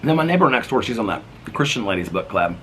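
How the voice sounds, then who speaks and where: A middle-aged man telling a sassy, gossipy story in a casual vlog, laughing often and mimicking others in a higher voice. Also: big pitch swings, fast, background noise. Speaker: vlogger.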